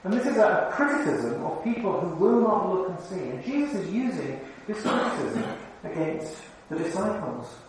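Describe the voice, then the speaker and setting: Delivering a conversational sermon in a sing-song, fairly high voice, a preacher poses questions to the congregation at a moderate pace with few pauses. His words ring through a very echoey hall, captured well away from the mic over faint room sound.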